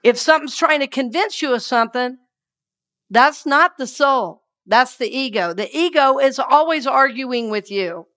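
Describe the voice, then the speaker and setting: Speaking at a moderate pace in a high-sitting voice, a woman minister delivers a sermon. She alternates between quiet scripture reading and spirited call-and-response affirmations with the congregation.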